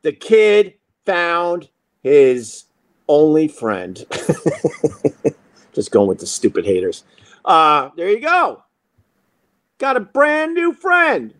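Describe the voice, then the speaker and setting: Animated, high-pitched male storyteller. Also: very slow, pauses often. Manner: animated, acts out other people's lines, profane. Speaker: talk show host. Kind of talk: casual storytelling monologue.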